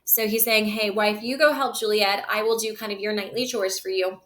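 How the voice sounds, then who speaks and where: A woman reads a play aloud, line by line, then explains each passage in relaxed, everyday words. Her voice is bright and clear, and her manner is that of a teacher walking a class through the text. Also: mid-range voice, moderate pace. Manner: switches between reading lines aloud and plain paraphrase. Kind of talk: read-aloud with casual explanation.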